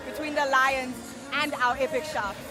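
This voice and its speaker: An upbeat woman hosts, her voice bright and high as she leads guests. Music plays behind her at the stadium. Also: fairly even intonation, normal speed, crowd noise. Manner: upbeat, leading questions. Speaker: host. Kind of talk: pre-match show hosting.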